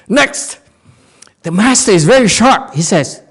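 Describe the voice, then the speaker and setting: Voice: mid-range voice, sing-song, moderate pace. A Zen teacher and native Korean speaker giving a Buddhist dharma talk in English, playful, laughing often and quizzing the audience.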